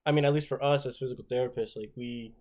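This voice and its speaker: A man's voice: mid-range voice, steady tone, darkish tone. A man who is a physical therapist, co-hosting a casual interview and asking curious questions. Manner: curious, affirming, quick back-channel replies.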